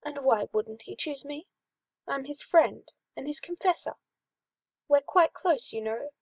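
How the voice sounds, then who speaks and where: A woman voicing a prim, huffy young male priest who speaks in a high, affronted way in a read-aloud story. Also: measured pace, gravelly, no room sound.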